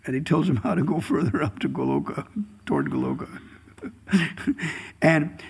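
A man's voice: on the high side, fast talker, vocal fry, breathy edge. A man giving a devotional scripture class in a chuckling, storytelling way, chanting verses at times. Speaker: scripture speaker.

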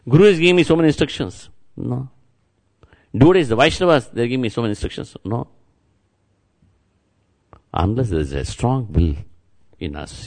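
A man giving a devotional sermon as a spiritual teacher, repeating words and chants and speaking straight to his listeners. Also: mid-range voice. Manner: repetitive, chant-like, addresses listeners directly.

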